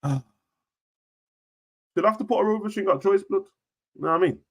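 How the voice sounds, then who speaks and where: On a live stream, a young man chats casually about wrestling, full of slang, jumping between shouting and near-whispers. His voice sits high and his pace is brisk.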